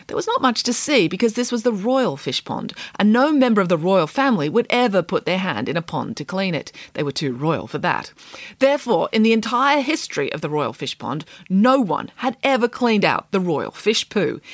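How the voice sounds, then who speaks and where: Lively woman reading a storybook aloud. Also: medium pitch, dry recording. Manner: lively, theatrical, comic timing.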